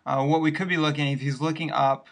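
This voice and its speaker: A man's voice: a little high, level tone, fast. Man patiently explaining a math lesson. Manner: patient, step-by-step explaining with fillers. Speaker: math teacher. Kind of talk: recorded classroom lesson walking through examples.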